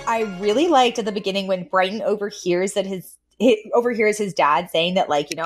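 A woman's voice: mid-range voice, brisk, hardly any pauses, soft background music. A woman co-hosting a podcast, telling a story in a chatty, casual way and acting out bits of it. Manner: chatty storyteller, acts out lines, often laughs. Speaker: podcast co-host. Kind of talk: casual chat recapping a sitcom episode.

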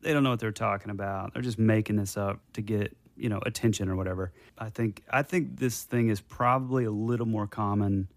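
A man co-hosting a podcast who talks in a reflective, halting way with many fillers. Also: lowish voice, steady tone, no echo. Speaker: podcast co-host. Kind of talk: casual chat.

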